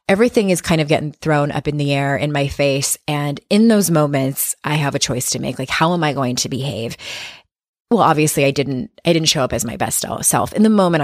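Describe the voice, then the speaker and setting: A woman with a low, grounded voice talks through her podcast in a candid, chatty way. She is a life coach, speaks plainly and swears without fuss. The sound is dry and close, with no room around it. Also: no room sound. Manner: candid, conversational, swears freely. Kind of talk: casual podcast monologue. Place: home office.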